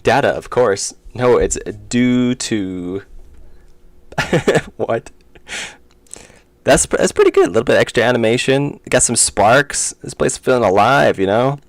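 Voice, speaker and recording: A man's voice: medium pitch, expressive, a little slow, no room sound. A man streaming his indie game development, chatting casually and rambling with chat while he works. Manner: rambling, self-interrupting, chuckling.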